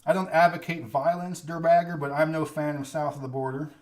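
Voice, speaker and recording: A man's voice: on the high side, little pitch movement, a little fast. Chatty Californian man rambling live. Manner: rambling and chatty, with frequent restarts and small laughs. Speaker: livestream host answering viewer questions. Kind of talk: casual live-stream chat.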